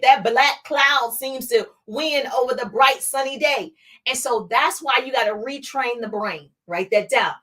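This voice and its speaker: Woman, business coach, motivational livestream, high voice, bright tone, emphatic, repetitive. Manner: emphatic, energetic, repeats phrases for emphasis; speaks directly to the viewers.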